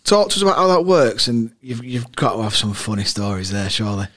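A man's voice: on the low side, big pitch swings, fairly quick, a bit bright. A man hosting a casual interview, asking chatty, leading questions. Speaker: podcast host.

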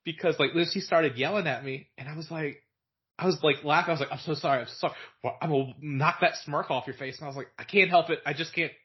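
This fast-talking young man from Virginia has a fairly high voice, captured in lo-fi sound. As a podcast guest, he tells loose, wandering stories full of "like" fillers, laughing his way through the chat.

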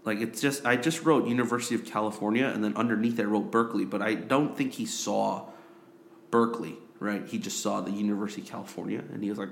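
A man's voice: fairly low pitch, fairly even intonation, quick pace, vocal fry, a little hiss or hum. A young man who grew up in Korea, co-hosting a casual sports podcast, rambling with lots of fillers and repeated phrases. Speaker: podcast co-host.

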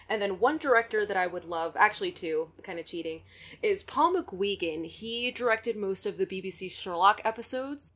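A woman's voice: lowish voice, fairly bright tone. A woman co-hosting a fan podcast, chatting enthusiastically with frequent laughs. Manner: enthusiastic, laughs often, many fillers. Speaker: podcast co-host. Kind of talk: casual chat.

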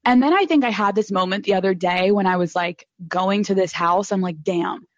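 A woman in her twenties hosts a live podcast room and tells her stories in a candid, animated way, swearing freely. Her voice is dry and close, with a dull, lo-fi band. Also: mid-range voice, fairly quick, no echo. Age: 20s. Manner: candid, profane, animated storytelling. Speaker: podcast host. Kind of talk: casual live podcast chat.

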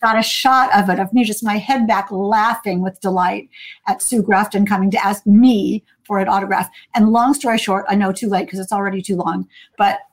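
A lively woman telling a story on a video call. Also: mid-range voice, moderate pace. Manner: lively, acts out quoted voices. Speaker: guest author. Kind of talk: storytelling in a casual chat.

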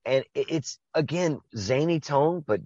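A man's voice: a little high, lively intonation, unhurried, a little mellow, no room sound, highs cut off. A man co-hosting a podcast, chatting casually and enthusiastically about a horror movie, swearing and laughing often. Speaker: podcast co-host.

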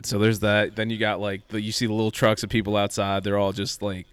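Low smooth-voiced man telling a story. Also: fairly quick, dry recording. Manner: animated storyteller, acts out quoted lines. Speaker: podcast co-host telling a travel story. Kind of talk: casual storytelling chat.

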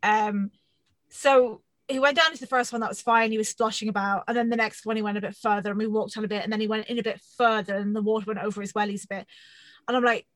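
A woman in her thirties telling a funny story on a podcast, animated and self-mocking, swearing often. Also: medium pitch, fast, no room sound, low-quality recording. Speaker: podcast co-host. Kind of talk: casual storytelling chat.

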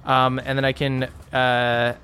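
Relaxed man playing a tabletop game. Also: mid-range voice, slow pace, clean tone. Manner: relaxed, hesitant, joking. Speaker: player. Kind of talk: casual tabletop game play.

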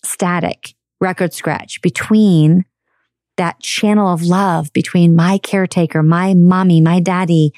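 A woman's voice: lowish voice, a little mellow, no echo, studio quality. A woman hosting a self-help podcast, talking earnestly and conversationally to her listeners. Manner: earnest, conversational, acts out quoted parents. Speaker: podcast host.

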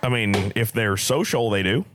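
A man's voice: lowish voice, normal speed, background noise. A young man, a rodeo announcer and podcast guest, giving easygoing, matter-of-fact answers. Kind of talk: casual podcast chat.

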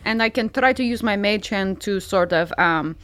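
A woman's voice: medium pitch, fairly bright tone. Witty woman playing a tabletop game. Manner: playful and quick-witted. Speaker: player. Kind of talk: casual tabletop play.

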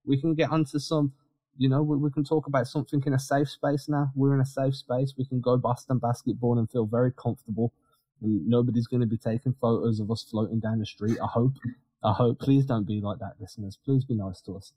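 A man co-hosting a casual sports podcast, talking in an animated, quick way with frequent restarts. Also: mid-range voice, breathy edge, no room sound. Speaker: podcast co-host.

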